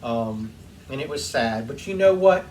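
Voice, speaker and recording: A man's voice: mid-range voice, expressive, measured pace, a little mellow. A man hosting his own workshop channel, telling a heartfelt, rambling story full of ums while he cleans something. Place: home workshop. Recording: distant mic with faint room noise.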